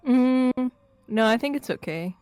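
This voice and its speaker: A woman's voice: high-pitched, expressive, unhurried, a little mellow, clean tone, no room sound, faint music behind. A woman playing a tabletop game, casual and joking with the group. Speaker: player.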